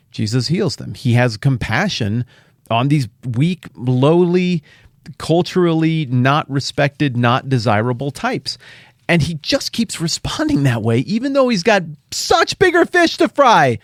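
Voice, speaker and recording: A middle-aged man hosting a podcast, teaching the Bible in a casual, animated way with jokey asides and playful paraphrases. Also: fairly high pitch, no echo, clean studio sound.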